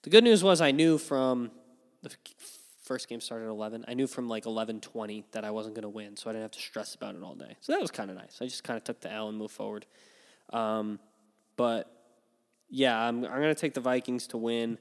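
A man in a casual fantasy football chat, opinionated and animated, with filler ums and yawns between points. His voice is smooth and resonant, and it carries a long reverb. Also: mid-range voice, a little fast. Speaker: fantasy football podcast host. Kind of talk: casual sports analysis chat.

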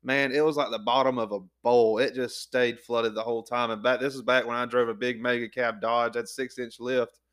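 A man's voice: mid-range voice, flat delivery, brisk, few pauses, fairly bright tone, clean tone. A man hosting a podcast, folksy and eager in a casual chat. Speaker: podcast host.

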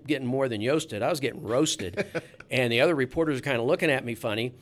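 A man's voice: mid-range voice, fast. Chatty man telling a sports story. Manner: chatty storyteller with frequent restarts. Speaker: sports reporter. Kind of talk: casual anecdote telling.

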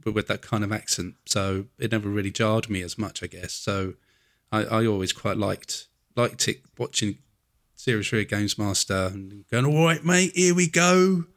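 Lower-voiced man hosting from Essex. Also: moderate pace, creaky, dry recording. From Essex, England. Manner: relaxed, encouraging, laughs along. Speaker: podcast host. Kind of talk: casual interview. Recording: dry close mic with faint music.

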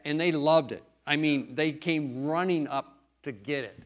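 A man's voice: on the high side, measured pace, a bit bright. A middle-aged man, a farmer and lay preacher, giving an earnest, folksy testimony talk in church with emphatic stresses.

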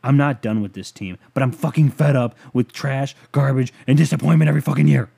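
A man in a mellow voice doing a dramatic reading of a furious football fan's profane rant. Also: mid-range voice, fairly even intonation, a little fast, vocal fry, slightly rough. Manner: ranting, profane. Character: furious bitter male football fan.

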